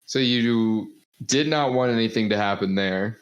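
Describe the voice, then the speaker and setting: A young man co-hosting a podcast, teasing the others with quick questions in casual chat. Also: fairly low pitch, clean tone, lo-fi sound. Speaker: podcast co-host.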